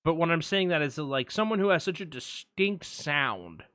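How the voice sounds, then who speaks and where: A man co-hosting a film podcast, chatting with quick asides and restarts. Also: a little high, sing-song, sharp tone, dry recording, studio quality. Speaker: podcast co-host. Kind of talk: casual film discussion.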